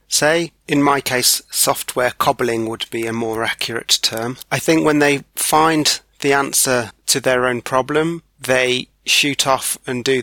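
A man hosting a solo podcast, talking in a measured, wry and thoughtful way. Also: mid-range voice, bright, forceful tone, no echo. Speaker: podcast host. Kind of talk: reflective solo podcast monologue.

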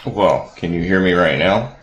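A man with a very deep voice sounds groggy, as if he just rolled out of bed, and jokes around in a relaxed way. His voice carries a roomy echo. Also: normal speed, highs cut off. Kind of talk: casual group chat.

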